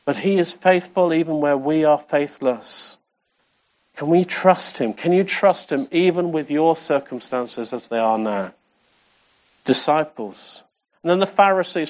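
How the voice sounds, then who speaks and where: Captured in lo-fi sound, this high-voiced man delivers a fervent sermon. He keeps repeating phrases and asking the congregation questions, his manner impassioned and full of rhetorical questions.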